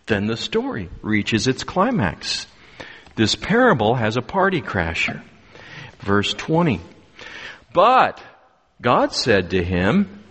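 A man preaching a sermon with a slow delivery and dramatic pauses, reading a scripture story and retelling it vividly. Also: mid-range voice, sing-song, a bit bright, slightly rough. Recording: long hall reverb.

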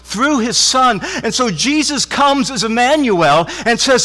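A man preaching a sermon to a congregation, fervent, repeating phrases with stammered restarts and swinging from loud emphasis to hushed intensity. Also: very high-pitched, animated, a little slow. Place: church with congregation. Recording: long hall reverb.

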